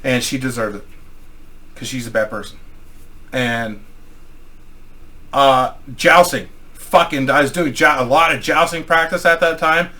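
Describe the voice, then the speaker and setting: A middle-aged man telling a crude personal anecdote in a rambling, profane, animated way. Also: mid-range voice, a little slow, pauses often. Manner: profane, rambling, animated storytelling with acted quotes. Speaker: storyteller.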